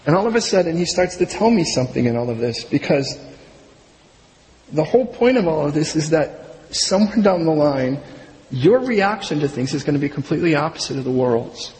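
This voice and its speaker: A middle-aged man preaching a sermon, telling the story with humor and acting out the people he quotes. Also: a little high. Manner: animated, jokey storytelling with quick voiced asides. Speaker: pastor. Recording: long hall reverb, faint room noise.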